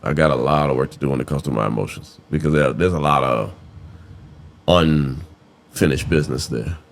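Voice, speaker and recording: Deep-voiced laid-back man chatting. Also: normal speed, gravelly. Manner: laid-back, candid, drawling storyteller. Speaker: podcast co-host. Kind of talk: casual chat.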